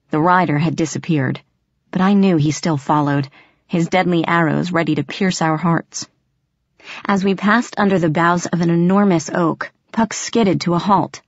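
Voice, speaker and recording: A woman's voice: on the low side, no echo, highs cut off. Woman reading a dramatic audiobook. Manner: dramatic, expressive first-person reading. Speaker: audiobook narrator. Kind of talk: first-person audiobook narration.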